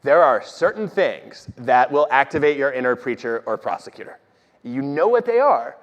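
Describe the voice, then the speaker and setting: A man, an organizational psychologist, telling stories on stage in an animated, self-deprecating way. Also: mid-range voice, normal speed. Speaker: organizational psychologist guest speaker. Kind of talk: conversational talk on stage. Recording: dull audio with long hall reverb.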